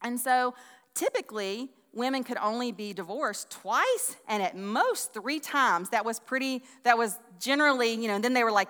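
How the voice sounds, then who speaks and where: Female Bible teacher, casual folksy delivery, higher voice with crisp tone. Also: expressive, moderate pace, a bit bright. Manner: folksy, chatty, with many restarts and asides. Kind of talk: conversational sermon. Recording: long hall reverb.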